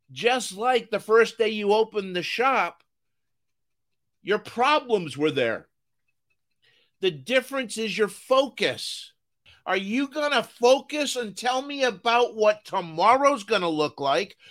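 A man hosting a business podcast, giving an energetic motivational talk and repeating phrases for emphasis. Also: high voice. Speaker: business coach and podcast host.

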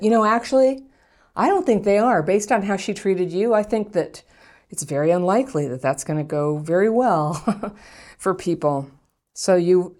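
A woman's voice: on the low side, warm tone. A woman hosting an advice podcast, answering a listener's letter in a frank, conversational way with frequent laughs. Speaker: podcast host giving relationship advice.

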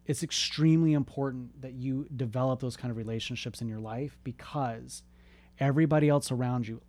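A man in his thirties, mid-pitched, talking in a raw, profane and impassioned way. He preaches openness and honesty at an uneven, heartfelt pace, like a friend giving a pep talk. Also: fairly quick, darkish tone, no room sound. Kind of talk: candid motivational talk.

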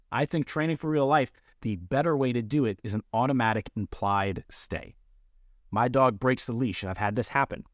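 On his podcast, a man explains dog training in a plain, practical way, using everyday comparisons to make his points. His mid-range voice is dry and close-miked, with no room sound at all.

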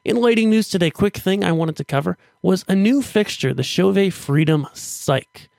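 Male podcast host, slightly high and gravelly, casual and upbeat, close dry mic. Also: expressive, normal speed, darkish tone, no room sound. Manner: upbeat, chatty, with restarts while pitching offers.

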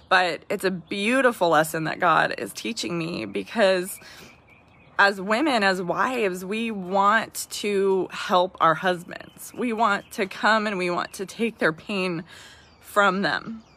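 A woman's voice: mid-range voice, slow, bright, forceful tone. A woman in her thirties hosting a podcast, sharing personal reflections with listeners in a heartfelt way, often restarting phrases and asking "right?". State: tearful at times. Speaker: podcast host.

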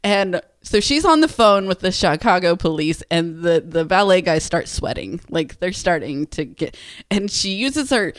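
Podcast co-host: a lively woman who tells stories with lots of laughs, recorded dry. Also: fairly low pitch, normal speed, no room sound. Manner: animated, laughing, acts out quotes. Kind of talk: casual storytelling chat.

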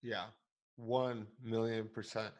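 A man's voice: on the low side, little pitch movement, takes it slowly, a little mellow. Eager male interview host. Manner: eager, steering with long leading questions. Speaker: podcast host. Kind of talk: casual interview.

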